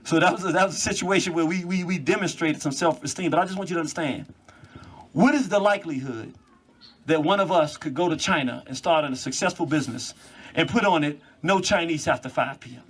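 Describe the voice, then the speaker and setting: A man giving an animated monologue, quick in bursts and laughing as he talks. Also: fairly high pitch, slightly rough.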